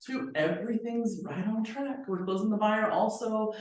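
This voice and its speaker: A woman presenting at a training seminar, telling a story and acting out the people in it with lively voices. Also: mid-range voice, moderate pace. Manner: animated, acts out quoted people with voices. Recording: very echoey room, voice from far off.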